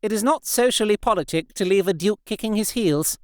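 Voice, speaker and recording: A man's voice: high-pitched, smooth, no echo, studio quality, voice pushed up, natural voice. A man voicing a fussy, gossipy young society lady in an audiobook. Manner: brisk, bossy, socially fussy.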